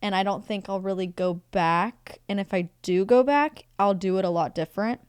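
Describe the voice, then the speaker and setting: Animated young woman, dry close sound. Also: medium pitch, moderate pace, clear, resonant tone, dry recording. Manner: animated, laughs often, emphatic. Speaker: podcast guest. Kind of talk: casual comedic banter.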